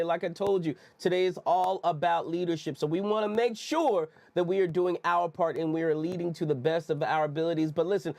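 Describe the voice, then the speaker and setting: A man's voice: sits high, gravelly, no echo. A man hosting a motivational leadership podcast, hyped and preacher-like, repeating phrases for emphasis on a close studio mic. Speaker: podcast host. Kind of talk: energetic motivational podcast talk.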